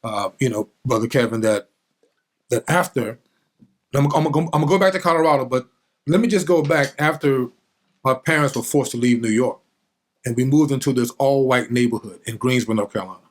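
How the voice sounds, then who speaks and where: A man's voice: mid-range voice, a little fast. A man, a guest on the show, telling a childhood story with energy and drama. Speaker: guest, former football player. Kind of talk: animated storytelling.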